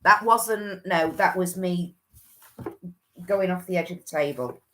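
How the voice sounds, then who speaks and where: Slow-talking woman reading cards. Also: lowish voice, a bit bright. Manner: chatty, restarts often, muses aloud. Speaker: livestream host and oracle card reader. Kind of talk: chatty live oracle card reading.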